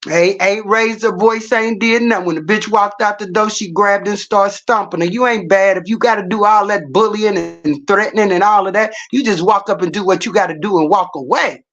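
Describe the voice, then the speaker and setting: A woman's voice: mid-range voice, normal speed, few pauses, a bit bright, highs cut off. A middle-aged woman livestreaming, telling stories in a blunt, profane, casual rant.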